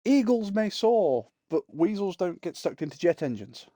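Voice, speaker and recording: A man's voice: sits high, animated, moderate pace, hardly any pauses, warm tone, no echo. A man, chatting casually and joking with viewers while streaming a game. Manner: chatty, jokey, talks to his viewers. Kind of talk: casual live-stream chat.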